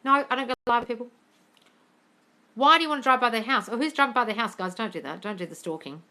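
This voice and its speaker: A woman's voice: a little high, fast, sharp tone. A woman hosting a casual live-stream Q&A, reading viewer questions and answering them bluntly with plenty of swearing.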